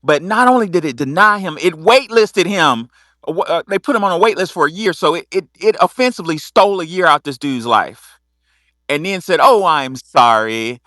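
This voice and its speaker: A middle-aged man hosting a talk show, telling stories in a lively way, cussing freely and acting out the people he quotes. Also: high voice, brisk, no room sound, studio quality. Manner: animated storytelling with acted-out quotes; cusses freely. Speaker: host. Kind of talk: casual talk show monologue.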